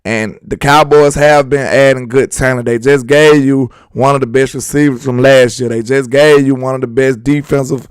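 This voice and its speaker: A young man hosting a sports talk show, talking fast and slangy while firing up fellow fans with confidence. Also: medium pitch, steady tone, smooth, no echo. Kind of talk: fired-up sports fan talk.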